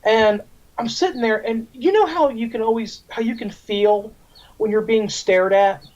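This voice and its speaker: A man's voice: high-pitched, normal speed, darkish tone. Male radio host, crude, rambling storyteller, dull lo-fi audio. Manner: crude, rambling and swears freely. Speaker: radio show host and wrestler. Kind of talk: casual talk-radio storytelling.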